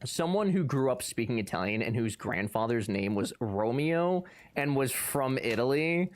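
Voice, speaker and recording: A young man streams and banters with his chat in a loose, joking way. His pitch leaps up and down as he gets playfully worked up, though his voice usually sits at an ordinary middle height. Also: expressive, normal speed. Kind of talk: casual chat reading live chat.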